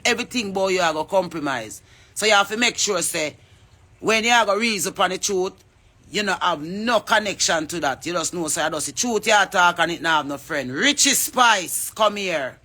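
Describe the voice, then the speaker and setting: A Jamaican-accented singer from Jamaica calls people out by name in a fervent, preachy social media appeal. Her voice is fairly low, bright, and forceful, and she talks a little fast.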